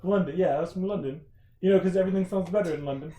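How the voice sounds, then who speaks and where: Male co-host, teasing and jokey; mellow tone, roomy echo. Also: high-pitched, rapid-fire, slight background noise. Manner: laughs often, teasing, jokey. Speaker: podcast co-host. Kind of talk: casual chat. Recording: echoey room.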